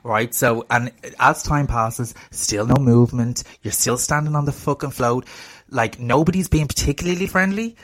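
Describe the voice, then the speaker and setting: An Irish man co-hosting a casual chat show. He tells his stories in an animated way, breaks into laughter often, and swears freely. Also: medium pitch, normal speed, hardly any pauses. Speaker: podcast co-host.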